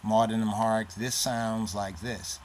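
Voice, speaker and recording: A man's voice: on the low side, steady tone. A man giving a lesson on an alphabet, reciting syllables one by one and often checking in with "right?". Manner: deliberate, repeats letters and sounds aloud, says "right?" often. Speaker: teacher of the Ge'ez script.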